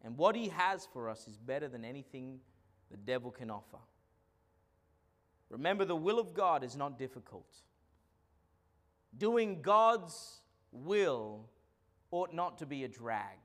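A man preaching a sermon as pastor, swinging between loud declarations and quiet asides. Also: mid-range voice, very animated, measured pace, pauses often.

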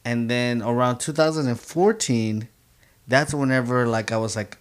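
Young guy chatting, animated storyteller, says like and you know a lot. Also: mid-range voice, normal speed, smooth. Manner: animated storyteller, many fillers. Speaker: guest. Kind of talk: casual chat.

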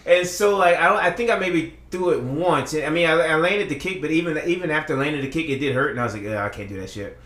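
A man's voice: on the high side, fast, few pauses, a bit bright, roomy sound. A man on a casual podcast, telling a long story in a rambling, profane way with many restarts. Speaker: podcast co-host.

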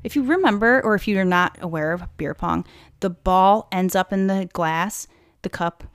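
A woman's voice: mid-range voice, normal speed, no echo. Young woman, podcast host, casual crime storytelling, profane and indignant, whispers asides, dry close mic.

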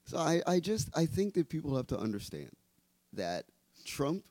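A man hosting a political talk show makes long, emphatic points, often restarting his sentences. His voice is mellow and dark, and the sound is close and dry with no room around it. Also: on the high side, big pitch swings, normal speed, dry recording. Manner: emphatic, explains at length with restarts. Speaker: host.

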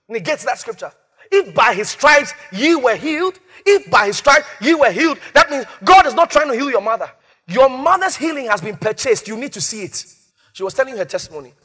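High-voiced preacher with swooping delivery. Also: male voice, a bit bright. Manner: preaching with dramatic rises and drops, repeats phrases. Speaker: pastor. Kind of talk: sermon.

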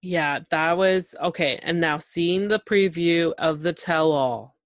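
Woman, podcast host, casual TV recap, gushing and animated, dry close sound. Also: lowish voice, slow pace, dry recording. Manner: animated, gushing, acts out quotes.

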